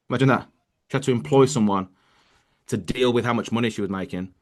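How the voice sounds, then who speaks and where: A man's voice: mid-range voice, moderate pace. A man leading a motivational call about network marketing, talking casually with lots of restarts and "bro" and "man.". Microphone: online call.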